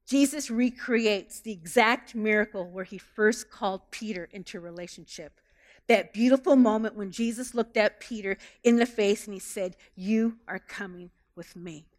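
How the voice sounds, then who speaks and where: A woman pastor preaching a sermon with animated delivery, asking the congregation many questions. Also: mid-range voice, normal speed.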